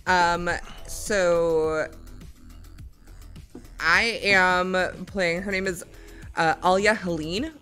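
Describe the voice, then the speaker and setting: A woman's voice: lowish voice, steady tone, very slow, pauses often, pushed and bright, faint music behind. A woman player describing her character in a rambling, laid-back way with frequent fillers.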